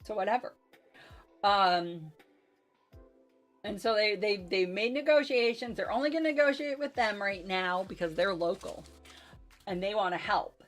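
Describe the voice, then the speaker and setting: A woman's voice: mid-range voice, steady tone, a little slow, long pauses, soft background music. A woman in casual chat, recapping a tabletop game session in a rambling, self-deprecating way with lots of fillers.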